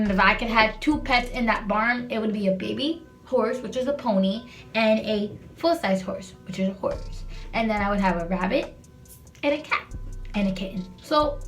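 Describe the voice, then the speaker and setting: A woman's voice: a little high, fairly bright tone. A young woman telling a storytime in casual chat, rambling and sassy, swearing freely.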